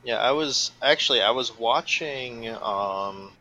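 Bright-voiced man giving opinionated analysis. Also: mid-range voice, takes it slowly, low-quality recording. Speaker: podcast co-host. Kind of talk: casual chat about a card game.

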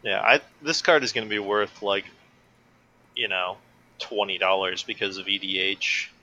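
A man's voice: lowish voice, steady tone, moderate pace, pushed and bright, slight background noise, rough recording. A man co-hosting a casual podcast chat, giving analytical, opinionated takes with a lot of "like". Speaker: podcast co-host. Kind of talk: casual chat about a card game.

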